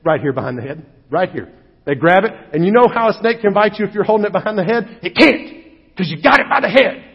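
A male pastor preaching a sermon with animated, humorous storytelling, recorded in a church hall. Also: sits high, quick pace, gravelly, slightly rough. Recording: dull echoey hall recording.

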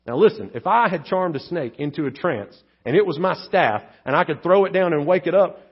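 A man's voice: on the high side, lively intonation, brisk, breathy edge. A man preaching a sermon as pastor, conversational, with frequent "all right?" and "right?" asides. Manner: conversational, rhetorical tag questions. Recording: dull lo-fi church audio.

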